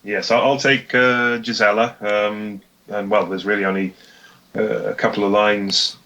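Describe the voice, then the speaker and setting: A man's voice: lowish voice, little pitch movement, unhurried, pushed and bright, muffled recording. A man who makes comics, chatting as a podcast guest, hesitant and full of ums. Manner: hesitant, many ums and uhs. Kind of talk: casual chat.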